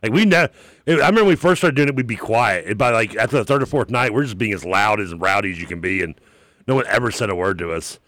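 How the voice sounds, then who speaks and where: A man's voice: on the low side, expressive, quick pace, a bit bright, no echo. A man co-hosting a radio show in casual banter, rambling through memories and often laughing. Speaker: sports radio co-host. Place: radio studio.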